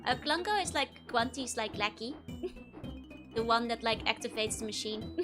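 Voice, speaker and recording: A woman's voice: on the high side, lively intonation, normal speed. A woman streaming a video game, chatting casually with her chat and giggling a lot. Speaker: VTuber streamer. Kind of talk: casual let's-play commentary. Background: game music.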